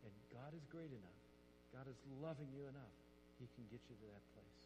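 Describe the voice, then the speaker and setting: A man preaching a sermon as pastor, animated and quick, often putting questions straight to his listeners. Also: mid-range voice. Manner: animated, quick, asks the audience direct questions. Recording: long reverb with audible hum.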